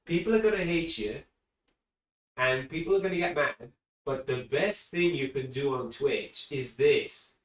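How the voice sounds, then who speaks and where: A man's voice: medium pitch, animated, unhurried, lightly acted. A man voicing a northern English man giving stream advice confidently, with a northern English accent, recorded in an echoey room far from the mic.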